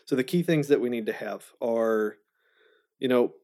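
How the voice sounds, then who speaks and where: Podcast co-host, calm and steady, explains practical steps. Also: medium pitch, normal speed. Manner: steady, advice-giving. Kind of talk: casual chat.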